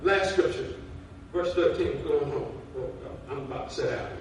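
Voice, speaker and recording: With a slightly high, animated voice at normal speed, a man preaches a folksy, casual sermon that builds to fervent calls. He sounds far from the mic in a very echoey space with faint noise.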